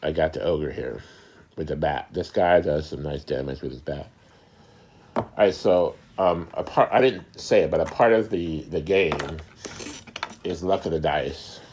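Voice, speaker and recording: A middle-aged man hosting a casual talk, explaining things in an unhurried way, often searching for words and repeating himself. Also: extremely low pitch, a little mellow, slight background noise. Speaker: host.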